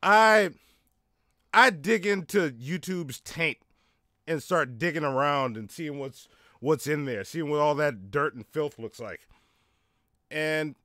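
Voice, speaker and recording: A man's voice: on the high side, a bit bright, no echo, clean studio sound. A man hosting a casual podcast, talking loosely and with lots of swearing as he steers the show along. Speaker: podcast host.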